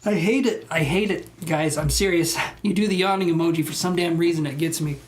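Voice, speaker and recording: A man's voice: on the high side, fairly quick. A man reading tarot on a live stream, chatting casually and rambling as he reacts to viewer comments.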